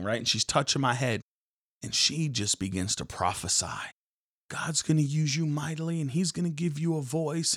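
Devotional podcast host, male, lively preachy storyteller with a slightly high pitch. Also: no room sound, studio quality. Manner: animated, casual, preachy.

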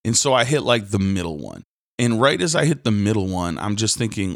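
Animated man telling rambling stories. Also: lowish voice, fairly quick, gravelly, no room sound, studio quality. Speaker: minister and podcast host. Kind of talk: casual faith podcast talk.

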